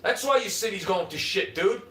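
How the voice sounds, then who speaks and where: Speaking at a normal speed in an animated voice that sits high, a New York man rants and curses combatively on a livestream, alternating quiet muttering with shouting. He's far from the mic, leaving a roomy, off-mic recording with faint ambience.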